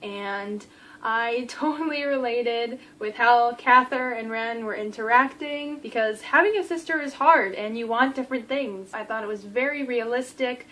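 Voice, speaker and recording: A young adult woman giving a casual book review vlog, gushing and animated, acting out the characters' lines. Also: a little high, poor audio.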